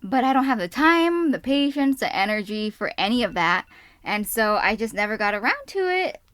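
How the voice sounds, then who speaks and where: A young woman vlogger telling a story to her camera indoors, excitable, a bit jittery, fast and messy, trying not to sound out of breath. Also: on the high side, clear, resonant tone, no room sound. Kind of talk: casual storytime. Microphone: camera mic.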